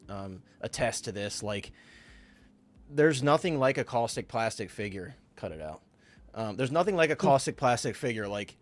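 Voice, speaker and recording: A man co-hosting a live stream, chatting casually and eagerly, rambling with many fillers and restarts while answering viewer comments. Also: medium pitch. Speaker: livestream co-host.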